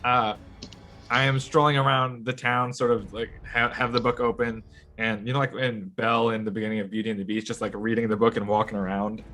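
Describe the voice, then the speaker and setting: A man taking part as a player in a tabletop game, talking casually and haltingly. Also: mid-range voice, little pitch movement, bright, forceful tone, faint music behind.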